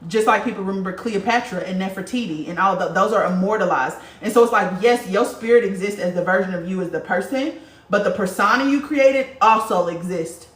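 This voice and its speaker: A woman hosts a laid-back spiritual livestream, reading viewers' comments aloud and talking bluntly, animatedly, and with heavy swearing. Her medium-pitched voice moves fairly quickly, and the sound is roomy, as if she's far from the mic.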